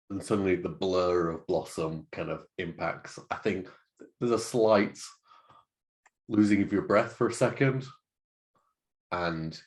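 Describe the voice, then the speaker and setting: Deep, gravelly man describing his move. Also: a little mellow. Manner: hesitant, rambling with fillers. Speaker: player.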